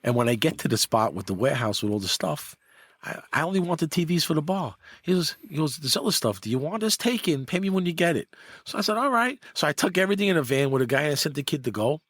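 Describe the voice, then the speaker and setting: A husky middle-aged man tells his story in a loose, animated way. His pitch jumps when he acts out what others said. The sound is dry and close. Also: quick pace, no room sound. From New York. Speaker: guest, former mob enforcer. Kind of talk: casual storytelling.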